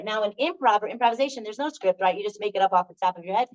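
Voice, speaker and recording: A woman's voice: mid-range voice, rapid-fire. A woman leading an improv workshop for a live group, chatty and encouraging, in a dull lo-fi recording. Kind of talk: lively talk to a group.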